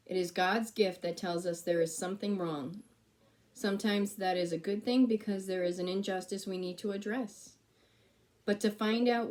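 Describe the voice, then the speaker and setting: A woman's voice: mid-range voice, darkish tone. A woman pastor giving a conversational sermon, repeating key phrases for emphasis and asking the congregation questions.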